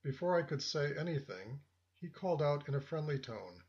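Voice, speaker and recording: A man reading a first-person story as narrator, in a measured, reflective way. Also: fairly high pitch, sing-song, a little mellow. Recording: dull lo-fi audio.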